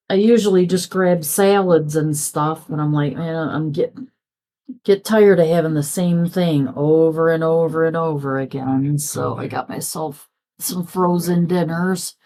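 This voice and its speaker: Slow-talking, low-voiced woman chatting. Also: fairly even intonation, mellow. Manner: chatty, rambling, acts out quoted dialogue. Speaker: crafting vlogger. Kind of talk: casual chat while crafting.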